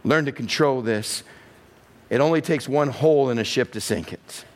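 A man with a Texan accent preaching a sermon as pastor, swinging between quiet, low passages and raised, emphatic ones. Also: moderate pace. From Texas. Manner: animated preaching, rising and falling in pitch and force.

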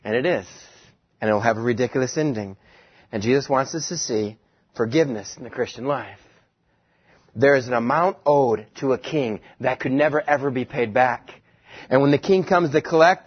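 Husky, animated male preacher. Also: a little high, lo-fi sound. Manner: animated storytelling, acts out quotes. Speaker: pastor. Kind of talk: sermon.

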